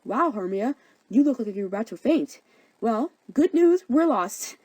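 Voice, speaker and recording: A woman's voice: a little high, lively intonation, a little slow, mellow, no room sound. A woman voicing Lysander, a brash, fickle young man who talks smugly. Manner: brash, smug.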